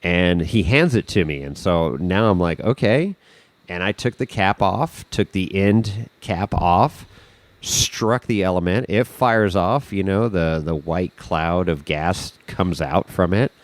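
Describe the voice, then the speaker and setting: A man, a podcast guest, telling a story in a casual, animated way, swearing freely and acting out the scene. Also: low voice, measured pace, dry recording.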